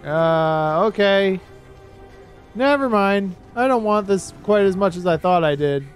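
A man streaming a game, rambling in casual commentary with sudden excited outbursts. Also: sits high, a little slow, faint music behind.

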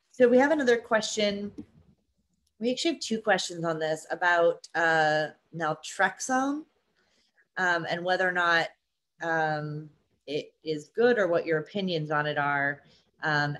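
A woman's voice: low-pitched, a bit bright. Upbeat woman moderating a Q&A. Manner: upbeat, laughs often, filler-heavy. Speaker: webinar moderator.

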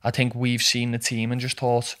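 A young man, a footballer guest telling animated stories in casual chat and calling everyone "lad". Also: medium pitch, moderate pace. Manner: animated storytelling, says "lad" constantly.

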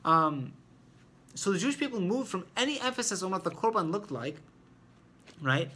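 A man's voice: sits high, sing-song, normal speed, bright, forceful tone, slight background noise. Man giving an informal Torah lesson. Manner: explanatory, thinks aloud while talking. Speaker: Torah teacher.

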